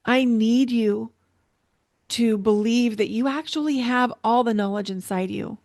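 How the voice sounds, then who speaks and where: A woman's voice: a little high, a little slow, darkish tone, no room sound, clean studio sound. A middle-aged woman hosting her podcast, speaking in an earnest, emotional monologue and repeating herself for emphasis. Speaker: podcast host and intuitive coach. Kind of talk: personal reflective monologue.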